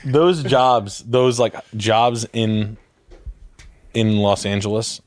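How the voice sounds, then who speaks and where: A man's voice: fairly low pitch, steady tone, slow. A man telling rambling stories in casual chat, swearing and laughing a lot. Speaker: podcast co-host.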